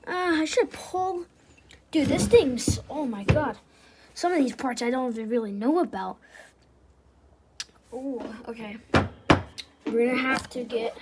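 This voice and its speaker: High-pitched girl narrating while she tinkers, chatty, laughs a lot, whispers now and then, loud noisy background w/ clicks. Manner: chatty, laughs often, drops to a whisper at times. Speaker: vlogger taking apart a machine. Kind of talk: casual running commentary while working.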